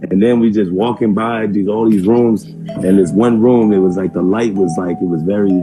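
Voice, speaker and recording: A man's voice: fairly low pitch, fairly even intonation, normal speed, music in the background, poor audio. A man casually telling a rambling story on a podcast, repeating himself and acting out what others said.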